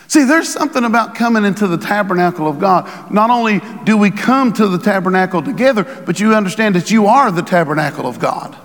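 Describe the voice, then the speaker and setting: Man, pastor, sermon, very high voice, rising shouted emphasis, church echo. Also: expressive, fast, hardly any pauses. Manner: preaching with rising shouted emphasis and quoted scripture. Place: church sanctuary.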